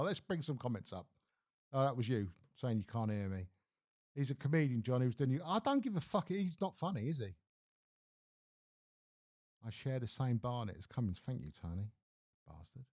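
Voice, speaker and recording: A man with a mid-range voice and moderate pace hosts a live stream, bluntly sounding off about the news. Animated and casual, he swears a lot as he rants his opinions.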